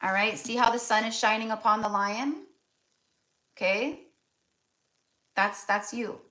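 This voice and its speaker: A woman's voice: on the high side, unhurried, bright, forceful tone. American lady doing a tarot reading, chatty, lots of you knows and restarts. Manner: chatty, with many fillers and restarts. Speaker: tarot reader. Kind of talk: casual spiritual reading.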